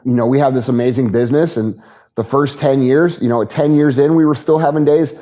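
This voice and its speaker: A man's voice: medium pitch, fairly even intonation, brisk, mellow. A man in his forties, a podcast guest, speaking bluntly and repeating his points to drive them home. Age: 40s. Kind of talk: motivational podcast talk.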